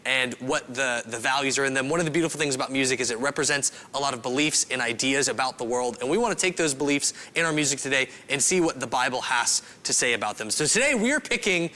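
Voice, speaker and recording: A young man speaking as a youth pastor in a casual, animated, self-deprecating way, rambling a little as he explains. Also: medium pitch, fast, hardly any pauses. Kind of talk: casual youth service talk.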